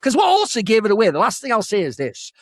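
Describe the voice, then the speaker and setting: Fast, animated ranting man. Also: high voice, dry recording, clean studio sound. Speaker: podcast co-host. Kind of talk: casual film-talk chat.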